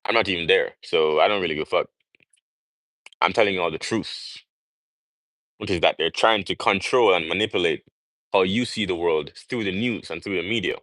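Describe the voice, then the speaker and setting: A man's voice: low-pitched, fairly bright tone, dry recording, low-quality recording. A young man from Jamaica talking on a livestream, preaching in an emphatic way and firing off rhetorical questions. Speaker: livestream host. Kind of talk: casual livestream monologue.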